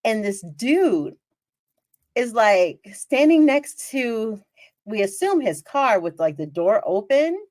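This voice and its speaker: A chatty woman hosts her own podcast, telling a story in a loose, casual way. Her pitch swoops up and down as she exclaims and acts out the moments. The voice sounds close and dry, with almost no room sound. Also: slow pace, dry recording. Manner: animated, chatty, exclaims and re-enacts scenes. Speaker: podcast host.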